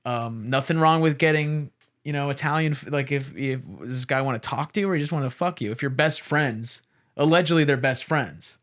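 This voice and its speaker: A man's voice: medium pitch, fairly quick, fairly bright tone. A young man co-hosting a podcast, giving rambling, frank advice in casual chat and swearing freely. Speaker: podcast co-host.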